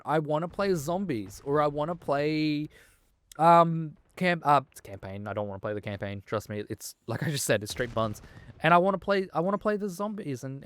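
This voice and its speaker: A man, ranting casually about a game with lots of swearing and restarts. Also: fairly high pitch. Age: 20s. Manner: heated, swearing, rambling with frequent restarts. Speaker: gaming vlogger.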